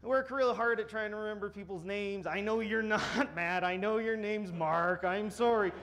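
A man's voice: high voice, normal speed, a bit bright. A man putting on the voice of a male bartender, earnest and a little blustering. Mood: apologetic. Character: apologetic then indignant male bartender.

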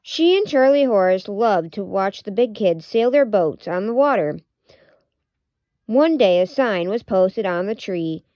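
A woman's voice: mid-range voice, expressive, unhurried, no echo. Woman reading a kids' storybook aloud; dull, dry home recording. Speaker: storybook reader. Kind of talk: children's read-aloud.

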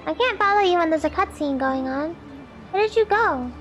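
Very high-voiced woman yelling at a game. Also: animated, normal speed, faint music behind. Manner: loud, exclamatory, swears and jokes at the game. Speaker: gaming streamer. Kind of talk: let's play commentary.

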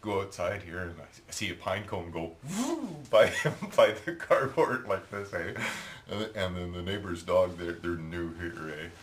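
Deep-voiced Canadian man rambling, eh. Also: measured pace. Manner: rambling, chatty, tags lines with "eh". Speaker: hobby painter and video maker. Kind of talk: casual storytelling while painting.

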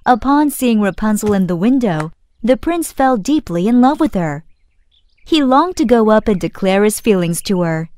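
Woman, storybook narrator, clear, expressive, measured, scripted children's fairy tale. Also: medium pitch, no echo.

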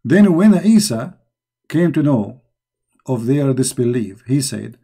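A live online debate host talks slowly but very animatedly, his medium-pitched voice mellow with a breathy edge. He's mocking, emphatic, and repetitive, using non-native English grammar.

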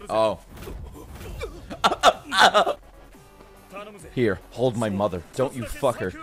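A man reacting to an anime episode, talking back at the screen in excited bursts, joking, swearing and laughing. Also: lowish voice, moderate pace, soft background music. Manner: excitable, shouting outbursts and swearing; jokey running commentary, laughs often. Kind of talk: live reaction commentary.

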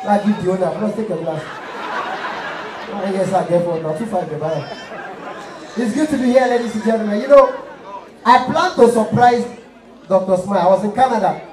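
A young man doing animated stand-up comedy on a live stage, telling stories loudly in pidgin-tinged English. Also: high voice, a little fast, pauses often, a little hiss or hum. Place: live stage before an audience. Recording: roomy live stage, distant mic, crowd.

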